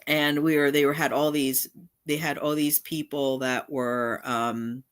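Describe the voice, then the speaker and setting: This is a middle-aged woman hosting a relaxed livestream, and her voice sits low. She rambles from one point to the next, breaking off and restarting her sentences as she goes. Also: a little slow. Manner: rambling, with frequent restarts and asides. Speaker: channel host. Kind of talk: casual livestream commentary.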